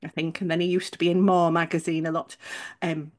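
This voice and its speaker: A woman from England co-hosts a podcast in relaxed conversation. She tells her story in a rambling, chatty way, often starting a sentence over and correcting herself mid-thought. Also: on the low side, brisk. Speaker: podcast co-host. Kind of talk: casual chat.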